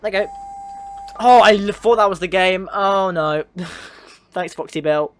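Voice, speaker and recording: A man's voice: high-pitched, measured pace, fairly bright tone, faint music behind. A man streaming a train simulator, chatting casually and answering his chat with frequent laughs. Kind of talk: casual livestream commentary.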